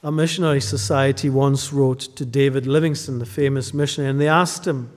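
A man preaching a sermon, drawing out key phrases and dropping to a hush at the ends of lines. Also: medium pitch, fairly even intonation, brisk, big-room sound. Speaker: pastor.

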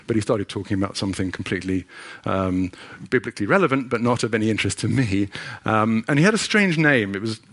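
A man's voice: on the low side, expressive, fast, hardly any pauses, a bit bright. A middle-aged man giving a sermon with a personal story, earnest and conversational, often restarting his sentences. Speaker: preacher.

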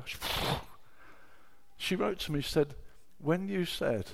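A middle-aged man preaching a sermon, telling personal stories with emotion, dropping to a hush and then rising to loud exclamations. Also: on the high side, takes it slowly, vocal fry, slight background noise. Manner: emotional, swings from hushed storytelling to loud exclamation.

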